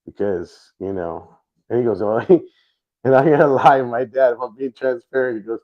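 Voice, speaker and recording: A middle-aged man hosting a livestream, talking in a rambling, halting way with many restarts. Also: lowish voice. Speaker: livestream host. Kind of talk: casual livestream chat. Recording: dull lo-fi stream audio.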